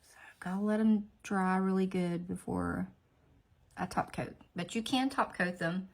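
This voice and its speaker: A woman's voice: mid-range voice, unhurried, creaky. A woman chatting casually through a nail tutorial, rambling with asides to herself. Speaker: nail art vlogger.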